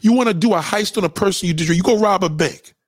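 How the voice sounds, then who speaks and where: Speaking fast in a high pitch, this male vlogger is captured in clean studio sound with no room sound. His opinion piece is a profane rant to camera, preachy and conspiratorial, with points hammered home through repetition.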